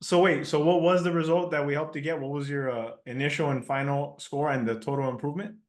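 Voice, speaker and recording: A man's voice: on the high side, fairly even intonation, quick pace. A young man hosting a casual podcast interview as a tutor, talking in a laid-back, slangy way that often trails off. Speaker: podcast host, math tutor.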